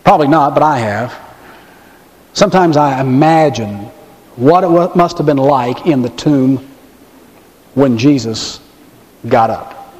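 Male pastor, sermon delivery, dramatic slow-downs, reverberant hall sound. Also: medium pitch, animated, a little mellow. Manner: dramatic storytelling, pauses and slows for emphasis.

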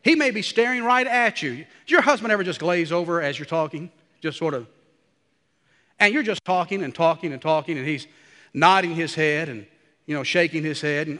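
A man preaching a sermon, animated and dropping to a hush for the quiet passages. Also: sits high, brisk, in a large hall.

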